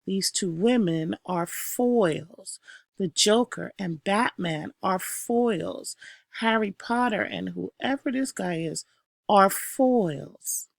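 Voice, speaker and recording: A woman teacher recording a review lesson, calling out each term with emphasis and then explaining it slowly with the odd filler. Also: mid-range voice, lively intonation, creaky, no room sound, studio quality. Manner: slow, explanatory, punches each new term.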